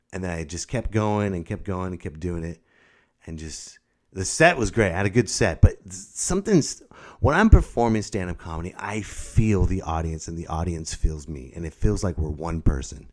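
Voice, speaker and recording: A man with a low voice talks through his solo podcast as a stand-up comic. His delivery is playful, rambling and self-mocking. A new microphone catches popping p sounds. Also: expressive, normal speed, a little mellow. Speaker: stand-up comedian and podcast host. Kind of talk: casual solo podcast monologue.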